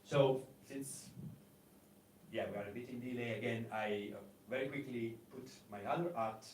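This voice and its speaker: Man presenting in an echoey conference room. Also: mid-range voice. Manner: halting, many fillers and restarts. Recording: echoey room, mic at a distance, faint noise.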